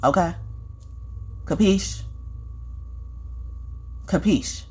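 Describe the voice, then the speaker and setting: A woman with a fairly low, slightly mellow voice and a breathy edge speaks very slowly as a spiritual reader in a confrontational vlog monologue. Talking straight at the viewer, she scolds and swears, repeating her points and tagging them with "okay?".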